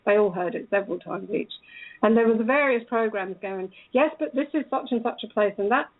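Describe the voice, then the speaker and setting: A woman's voice: fairly high pitch, fairly quick, narrow, tinny audio. A woman telling a story in a casual way, acting out the lines of the people in it. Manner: animated, acts out quoted dialogue. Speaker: speaker recounting a police encounter.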